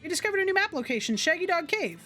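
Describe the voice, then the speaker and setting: High-voiced woman streamer. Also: sing-song, rapid-fire, bright, forceful tone, faint music behind. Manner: chatty, upbeat, reads game text aloud. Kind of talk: casual gameplay livestream chat.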